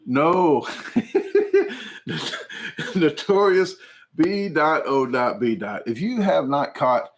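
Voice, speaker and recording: A man hosting his channel, chatting casually and rambling through viewer comments with frequent jokes and laughs. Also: medium pitch. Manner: rambling, jokey, laughs often. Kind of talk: casual livestream chat.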